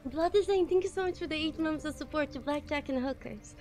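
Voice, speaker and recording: A woman streaming a game live, reacting excitedly, swearing, and thanking viewers in casual chat. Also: high voice, brisk, soft background music. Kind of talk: live gameplay commentary.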